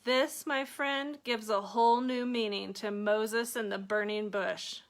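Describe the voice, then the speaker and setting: A woman voicing her elderly grandmother, who speaks slowly and with total seriousness. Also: a little high, steady tone. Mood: deadpan. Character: deadpan old grandmother, dead serious.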